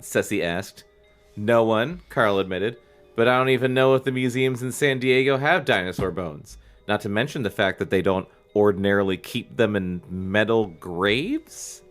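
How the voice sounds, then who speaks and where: A man's voice: fairly low pitch, normal speed, soft background music. A male podcast co-host reading a novel aloud with comic asides, laughing, swearing and throwing in silly voices. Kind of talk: comedic book reading with banter.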